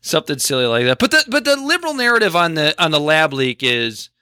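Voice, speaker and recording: Animated bright-voiced man, dry close sound. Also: fairly high pitch, clear, resonant tone, no room sound. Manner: animated, exasperated, fast bursts. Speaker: podcast co-host. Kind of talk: casual political chat.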